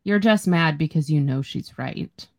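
A young woman co-hosts a relaxed book-club podcast, talking in a low register with a gravelly, fry-heavy voice. She reads passages from the book aloud and comments on them in an easy, agreeable way. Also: measured pace. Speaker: podcast co-host. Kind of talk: casual book-club chat.

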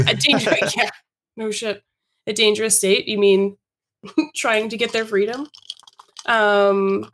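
A woman's voice: medium pitch, steady tone, moderate pace, a bit bright. A woman hosting a comedy podcast, reading aloud and chatting casually, exasperated and laughing. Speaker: podcast host.

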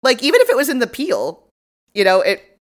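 Sarcastic young woman, very lively pitch. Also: fairly quick. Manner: sarcastic, swears freely, laughs often. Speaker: podcast co-host. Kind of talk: casual recap chat.

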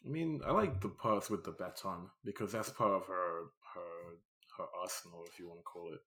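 A man co-hosting a casual film review chat, animated and laughing as he mimics scenes. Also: sits low, moderate pace. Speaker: podcast co-host.

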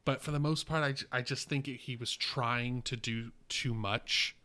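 A man's voice: medium pitch, fairly even intonation, moderate pace, bright, forceful tone. A man co-hosting a casual film podcast, giving frank opinions with hesitant restarts. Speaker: podcast co-host.

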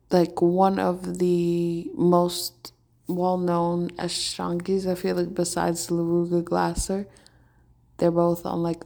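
A woman hosting a podcast, talking in a relaxed, conversational way and telling stories with lots of "like"s. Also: fairly low pitch, gravelly. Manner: animated storytelling. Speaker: podcast host. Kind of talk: casual spiritual talk.

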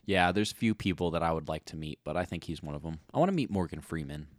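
A man's voice: extremely low pitch, expressive, quick pace, dry recording, clean studio sound. A young man co-hosting a podcast in casual chat, playful and often laughing. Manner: playful, laughing, earnest asides. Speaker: podcast co-host.

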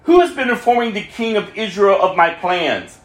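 A man voicing an angry, suspicious male king in a scripture reading, raising his pitch for the demands, in a roomy echo. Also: lively intonation, normal speed. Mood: demanding.

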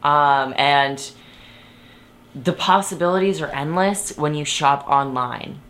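A woman's voice: low voice, measured pace, a bit bright. A young woman hosting her own podcast from her bed, chatting casually and rambling, often interrupting herself and laughing. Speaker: podcast host. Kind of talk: casual chat. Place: bedroom, sitting on her bed.

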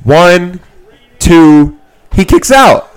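A man's voice: sits high, drawn-out words, a little hiss or hum. A man hosting a casual podcast, telling a story with lots of laughs and swearing and playing both sides of the exchange. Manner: animated, laughs often, swears, acts out both sides of stories. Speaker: podcast host. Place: small room, sitting on a kid's trampoline. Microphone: own mic close to a second mic.

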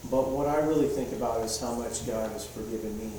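A man's voice: mid-range voice, a little fast, slight background noise. Male pastor preaching in an echoey hall. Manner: relaxed, asks the congregation questions. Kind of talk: conversational sermon. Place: church hall with a congregation. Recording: echoey hall, distant mic.

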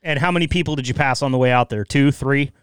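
A man's voice: medium pitch, fast talker, clear, resonant tone, no echo, studio quality. A man hosting a casual podcast, easygoing and teasing, swearing now and then. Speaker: podcast host. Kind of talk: casual chat.

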